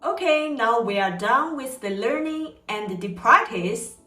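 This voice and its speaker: Woman with a higher voice teaching chinese tones, real slow, echoey room, mic a bit far off, soft music behind. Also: lively intonation. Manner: slow, carefully modeled tone examples. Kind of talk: scripted lesson narration.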